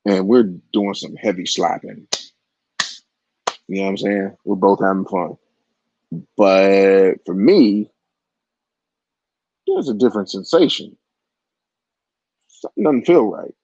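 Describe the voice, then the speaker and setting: A man's voice: deep voice, slow pace, long pauses, warm tone, dry recording. Man in his forties, crude rambling storyteller. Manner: crude, rambling, frequent asides to the listener. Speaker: vlogger. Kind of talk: raunchy personal storytelling. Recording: dull, lo-fi, dry audio.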